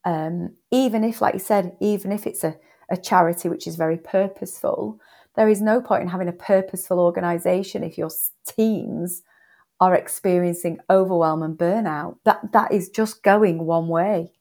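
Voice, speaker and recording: Woman, podcast guest; gravelly, slightly low voice; earnest, emphatic delivery. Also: steady tone, normal speed, mellow. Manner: emphatic, earnest, repeats words for stress. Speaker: author and coaching guest. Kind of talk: podcast interview answers.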